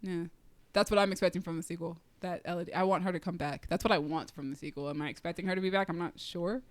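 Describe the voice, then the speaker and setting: A woman's voice: on the low side, fairly even intonation, quick pace, dry recording. A woman co-hosting a casual movie review podcast, chatty and enthusiastic, with frequent fillers and restarts. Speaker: podcast co-host.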